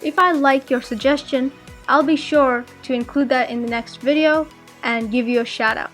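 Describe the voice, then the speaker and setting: A woman's voice: sits high, steady tone, normal speed, fairly bright tone, soft background music. A young woman tutoring math to young students, patiently explaining each step and checking her answers.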